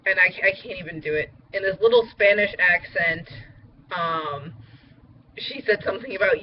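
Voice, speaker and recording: A woman's voice: lowish voice, moderate pace, breathy edge, dull audio. A young woman chatting casually in a vlog update, rambling with lots of fillers. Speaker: vlogger.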